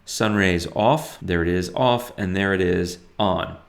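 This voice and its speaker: Relaxed man talking through photo edits. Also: deep voice, unhurried, gravelly. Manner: relaxed, thinking aloud with many fillers and restarts. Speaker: photography tutor. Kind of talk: screen-recorded editing tutorial.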